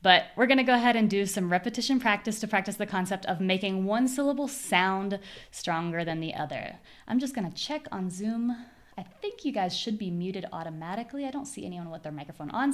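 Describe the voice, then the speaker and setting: An American woman with a medium-pitched voice teaches a live online pronunciation class. She models words using clear, exaggerated stress.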